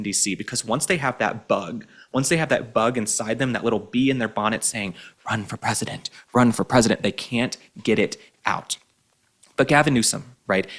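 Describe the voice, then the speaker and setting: Hosting a political commentary show, a man speaks at a mid-range pitch with a fairly bright tone. His delivery is sarcastic and combative, and he keeps mocking his target.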